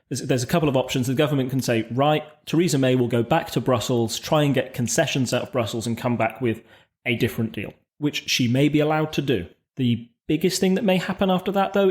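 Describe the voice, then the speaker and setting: A man's voice: medium pitch, darkish tone. Man explaining politics. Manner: explanatory, measured, with frequent restarts. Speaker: podcast co-host. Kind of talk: casual political discussion.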